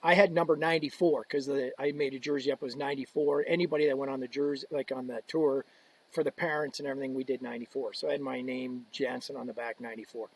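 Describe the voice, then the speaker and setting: A podcast guest who works as an equipment ambassador tells a long story in casual conversation, speaking fast in a mid-range voice with a breathy edge. He animatedly acts out what people said, laughs along, and swears.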